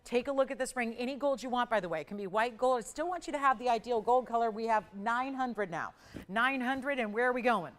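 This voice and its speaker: A woman hosting a live TV jewelry auction, calling out bids in brisk, upbeat sales patter. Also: fairly high pitch, fairly bright tone, long reverb tail. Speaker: live shopping auction host.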